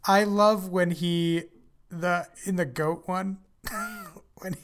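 A man's voice: high-pitched, steady tone, extremely slow, fairly bright tone, smooth. A young man co-hosting a podcast, giggling and breaking into wheezy laughs as he talks. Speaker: podcast co-host. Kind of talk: casual podcast chat. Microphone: remote internet recording.

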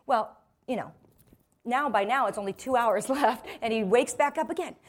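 A woman in her forties giving a humorous storytelling talk to a live audience, lively and self-mocking, laughing often and acting out what people said. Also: fairly high pitch, normal speed. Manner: lively, self-mocking, acts out quoted voices. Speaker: motivational speaker.

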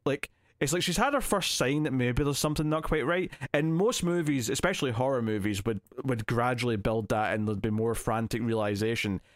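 A man's voice: mid-range voice, brisk, no echo, clean studio sound. Man animatedly retelling a film scene. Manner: animated retelling, acts out scenes in quoted voices. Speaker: podcast co-host. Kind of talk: casual film review chat.

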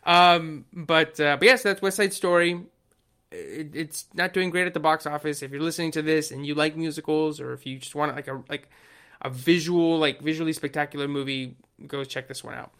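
A man co-hosting a podcast, chatting casually and rambling excitedly with many fillers and restarts. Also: on the high side, moderate pace, clear, resonant tone. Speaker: podcast co-host. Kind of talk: casual chat.

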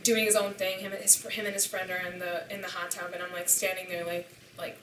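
Young woman on a podcast spilling her story, lots of "like", lowish voice, echoey far-off mic with faint room noise. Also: flat delivery, a little fast, a bit bright. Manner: candid and emotional, filled with "like". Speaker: guest. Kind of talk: personal storytelling in a podcast interview. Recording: roomy and distant from the mic.

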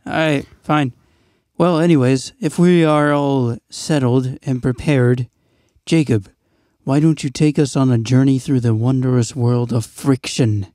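A man's voice: medium pitch, steady tone, measured pace, dark tone, dry recording. A man hosting a casual podcast, dry and teasing. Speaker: podcast host.

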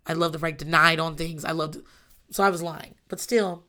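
A woman with a slightly low voice talks frankly about raising her kids. She swears freely and acts out little scenes, shifting into her kids' whiny voices and her own stern or thankful tones. Her delivery is animated and casual. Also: brisk. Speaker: parent. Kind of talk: casual talk to camera about parenting.

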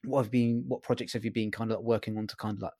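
A man's voice: on the low side, little pitch movement, fast, dark tone, dry recording, clean studio sound. A man interviewing a guest in a casual way, hesitant and full of fillers.

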